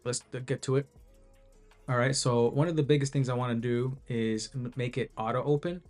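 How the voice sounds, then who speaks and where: A man's voice: medium pitch, fairly even intonation, fairly quick, darkish tone, soft background music. A man who made an app, talking casually and rambling through a screen-share video, restarting sentences and filling gaps with "you know.". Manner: rambling, self-interrupting, many fillers. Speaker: app creator.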